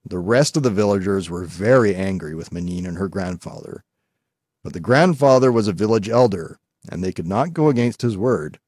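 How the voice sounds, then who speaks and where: A man reading a folk tale aloud as scripted narration, calm and measured. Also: low voice, dry recording. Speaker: storyteller.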